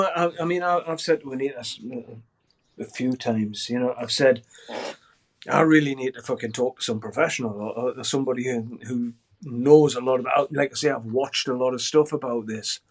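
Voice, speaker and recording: Animated older man telling a story. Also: medium pitch, normal speed. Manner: animated, swearing, acts out shouted quotes. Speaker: guest musician. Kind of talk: storytelling in a podcast interview.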